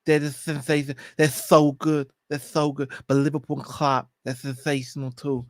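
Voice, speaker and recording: A man doing an impression of a famous boxer, repeating himself in halting, effusive praise. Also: fairly high pitch, flat delivery, no room sound, lightly acted. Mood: gushing. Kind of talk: impression during casual chat.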